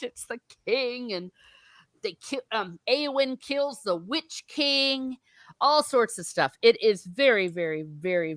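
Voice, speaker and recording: A woman hosting a book discussion in casual chat, laughing often and throwing in quick asides. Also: sits high, a bit bright, dry recording.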